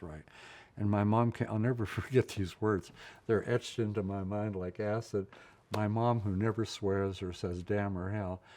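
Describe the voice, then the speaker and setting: An older man with a very deep, husky voice tells his own story to an interviewer. He is blunt and emotional, and often checks in with "right?". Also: darkish tone. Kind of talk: candid personal storytelling.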